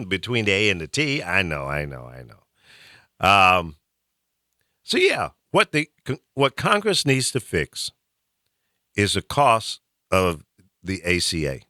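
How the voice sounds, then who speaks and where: A man's voice: deep voice, wildly swooping pitch, slow pace, pauses often, pushed and bright, no room sound, studio quality. A middle-aged man from the American South hosting a call-in talk show, ranting animatedly and preachily. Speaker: host.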